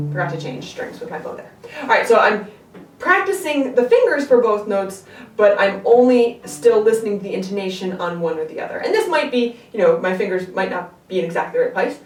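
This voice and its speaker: A woman giving a step-by-step music lesson, patient, often pausing to check that the learner is following. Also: medium pitch. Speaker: string teacher. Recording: echoey room, distant mic. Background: her own instrument playing between phrases.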